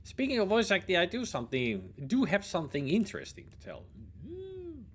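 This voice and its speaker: Animated, rambling gaming streamer man. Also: high-pitched, a little fast, a little hiss or hum. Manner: rambling, animated, swears and riffs. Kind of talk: casual gameplay commentary.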